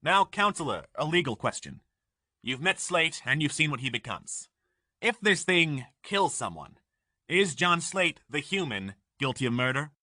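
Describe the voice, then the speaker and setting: A man voicing a smooth, menacing male mob boss in an audiobook. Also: a little high, big pitch swings, measured pace, pushed and bright, dry recording, studio quality, heavily acted.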